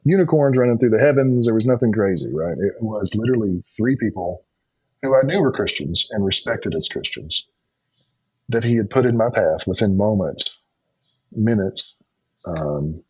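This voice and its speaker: Deep husky man telling his story. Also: lively intonation, normal speed, darkish tone, no room sound. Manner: earnest, storytelling, frequent restarts and ums. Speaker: podcast guest. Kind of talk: personal testimony in conversation. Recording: dull lo-fi sound.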